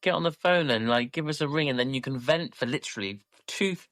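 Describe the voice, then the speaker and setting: A man's voice: mid-range voice, fast talker, a bit bright, no echo. A man, a podcast co-host and horse rider, chatting in a reassuring, storytelling way. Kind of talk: casual podcast chat.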